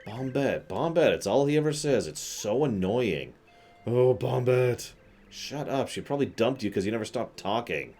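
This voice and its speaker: A man's voice: mid-range voice, lively intonation, moderate pace, mellow, faint music behind, pitched above the performer's own voice, lightly acted. A man doing a snappy, fed-up bomb creature. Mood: annoyed. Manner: exasperated, snappy. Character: irritated male bomb creature, short-tempered.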